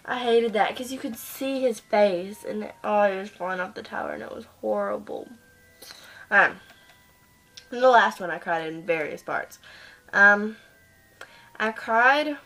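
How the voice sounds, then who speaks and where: A woman's voice: medium pitch, a bit bright, rough recording. A teenage girl vlogging at her computer, gushing and rambling with lots of ums and likes. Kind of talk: casual chat. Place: at home in front of a computer.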